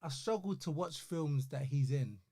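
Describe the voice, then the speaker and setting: Soft-spoken, hesitant young man. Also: on the high side, animated, normal speed. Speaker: podcast co-host. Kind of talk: casual chat.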